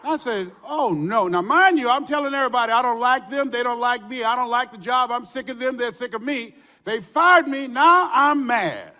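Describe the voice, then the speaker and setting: An older man giving a motivational speech, telling stories with shouts and laughter. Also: very high-pitched, moderate pace, hardly any pauses. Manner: animated storytelling with shouts and laughs. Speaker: motivational speaker. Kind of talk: motivational speech to a live audience. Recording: hall reverb.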